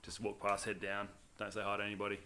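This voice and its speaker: A man talking on a casual podcast in long, run-on thoughts. His voice is bright and forward. He gets animated and is quick to break into laughter. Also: fairly low pitch. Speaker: podcast co-host. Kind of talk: casual chat.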